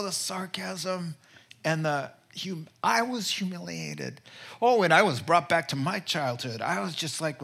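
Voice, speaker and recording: A man's voice: a little high, sharp tone. A middle-aged man preaching a sermon as pastor, telling stories playfully and laughing at his own jokes.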